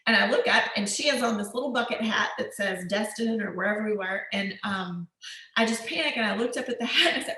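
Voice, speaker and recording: A woman's voice: on the high side, bright, forceful tone. A woman giving a casual workshop talk on screenwriting, rambling and conversational, correcting herself and laughing lightly as she goes. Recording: echoey room.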